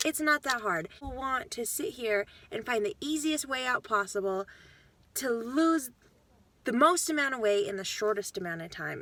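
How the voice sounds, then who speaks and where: A woman's voice: a little high, animated, normal speed, a bit bright. A woman talking casually to her viewers, blunt and frank, swearing freely and getting fired up as she lectures them. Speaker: vlogger. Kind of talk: casual talk to camera.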